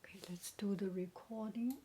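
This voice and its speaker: A woman casually demoing a new microphone, drifting between quiet speech and whispers. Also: mid-range voice, steady tone, normal speed, noisy background. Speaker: vlogger unboxing and testing a microphone. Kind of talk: casual demo with soft whispering. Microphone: testing a new desktop microphone.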